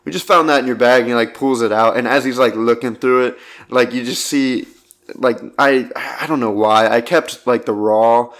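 A man's voice: mid-range voice, fairly even intonation, moderate pace. A young man telling a casual personal anecdote, rambling with lots of "like" fillers and frequent laughs. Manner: rambling, full of "like" fillers, laughing between lines. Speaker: storyteller.

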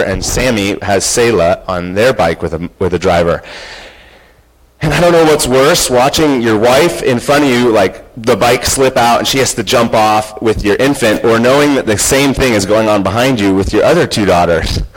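A man's voice: fairly low pitch, low-quality recording. A man in his thirties telling a personal story in an earnest, conversational way, acting out quoted lines. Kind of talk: storytelling talk.

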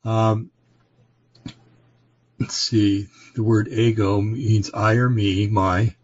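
A man hosting a podcast, reading scripture aloud and commenting on it in a halting way, with fillers and self-corrections. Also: lowish voice, flat delivery, a little mellow. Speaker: podcast host. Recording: dry, dull lo-fi recording.

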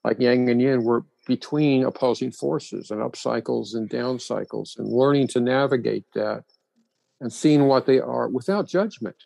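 A man's voice: medium pitch, normal speed, vocal fry, mellow, no echo, low-quality recording. A man explaining ideas thoughtfully in a reflective conversation.

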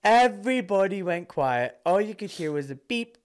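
Animated man telling stories. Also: sits high, moderate pace. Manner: animated, laughs often, swears casually. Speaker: guest, surgeon. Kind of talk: casual storytelling.

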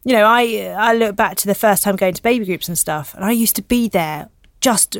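A woman's voice: mid-range voice, normal speed, no room sound, clean studio sound. A woman in her thirties, a writer and guest, talking reflectively in casual chat.

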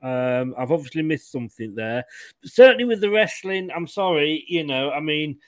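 A man's voice: a little high, lively intonation, moderate pace, dry recording. A jovial man chatting casually as a co-host, rambling and chuckling as he goes. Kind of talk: casual chat.

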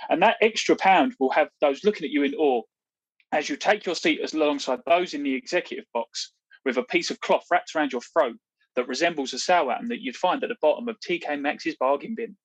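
A man co-hosting a podcast, reading a mock advert in salesman patter with deadpan sarcasm. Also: fairly high pitch, fairly quick, breathy edge, dry recording, poor audio. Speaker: podcast co-host.

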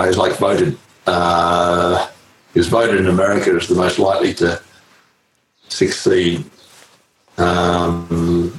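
A middle-aged Australian man, a former pro cyclist, telling stories casually with lots of fillers and mild swearing. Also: low-pitched. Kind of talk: casual anecdotal storytelling. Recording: roomy echo, faint ambient noise.

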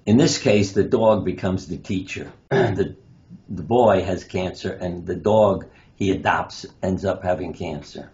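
Here a surgeon who writes books guests on an interview, relating anecdotes and performing the lines he quotes. He speaks unhurriedly in a deep, slightly mellow voice, and the sound is dull lo-fi with faint noise.

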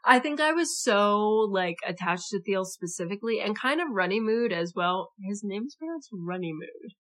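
A woman's voice: medium pitch, animated, moderate pace, fairly bright tone. A young woman co-hosting a book podcast in casual chat, playful and chatty, laughing mid-sentence. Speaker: podcast co-host.

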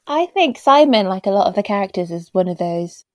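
A woman's voice: medium pitch, lively intonation, brisk, no room sound. Woman thinking aloud in chat. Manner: thinks aloud, corrects herself. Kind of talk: casual chat reviewing a TV show.

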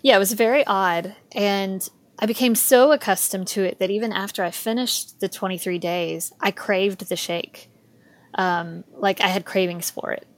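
A woman's voice: medium pitch, steady tone, moderate pace. A woman speaking as a podcast guest in a casual interview, talking candidly with frequent ums and easy laughter.

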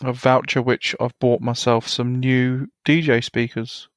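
A man's voice: medium pitch, little pitch movement, a little slow, dry recording, clean studio sound. A man co-hosting a podcast, talking casually and a bit hesitantly. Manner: hesitant, with fillers. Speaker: podcast co-host. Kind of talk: casual chat.

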